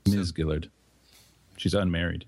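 Deep, husky-voiced man explaining at length. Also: steady tone, a little slow, a little mellow. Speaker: podcast co-host panelist. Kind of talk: casual podcast chat.

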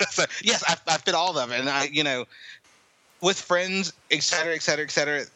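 A man's voice: on the high side, brisk, pushed and bright, no echo, low-quality recording. A man co-hosting a comedy podcast, reading a news story aloud with frequent fillers, then chatting casually. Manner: reads with many fillers. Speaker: podcast co-host.

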